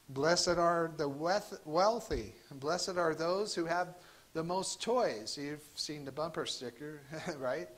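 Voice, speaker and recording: Male pastor, a touch higher-pitched, easygoing sermon full of "uh" and restarts. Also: a bit bright, rough recording. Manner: conversational, halting with fillers and restarts. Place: church sanctuary.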